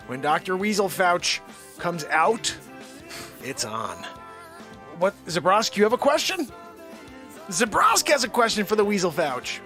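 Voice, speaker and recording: A man hosting his nightly live show, joking around and swinging between loud hype and low mutters. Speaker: host. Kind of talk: comedic live-stream banter.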